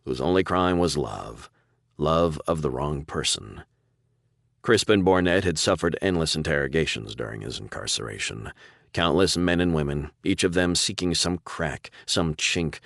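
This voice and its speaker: A man narrating an audiobook in a steady, deliberate storytelling manner. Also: a bass voice, gravelly, no echo, clean studio sound. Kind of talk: scripted narration.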